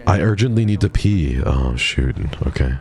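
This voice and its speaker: A man's voice: a bass voice, animated, normal speed, darkish tone, slight background noise. A man chatting playfully with viewers while live-streaming a horror game, jumpy and talkative. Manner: playful, jumpy, chatty with viewers, drops to a whisper when scared. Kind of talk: casual live-stream chat while gaming.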